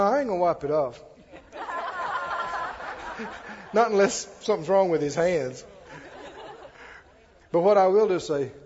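A man's voice: high-pitched, darkish tone, breathy edge. A male pastor preaching a sermon in a folksy, conversational way, with chatty asides. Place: church sanctuary. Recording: dull-toned, echoey church hall.

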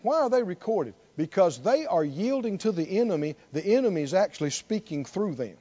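A man preaching a sermon in call-and-response style, building to near shouts. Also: sits high, big pitch swings, fairly quick, slightly rough, muffled recording.

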